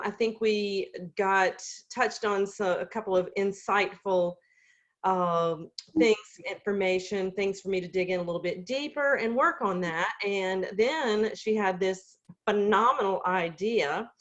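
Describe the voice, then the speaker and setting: A woman hosting a casual group video call, talking in a hesitant way with many fillers and warm, effusive praise of her guests. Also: mid-range voice, a little slow, dull audio.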